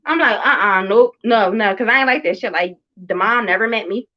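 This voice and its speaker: A woman's voice: medium pitch, brisk, bright, forceful tone, lo-fi sound. A woman around thirty, a mother and show host, telling a story in casual chat with blunt, emphatic and heavily profane talk. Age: about 30.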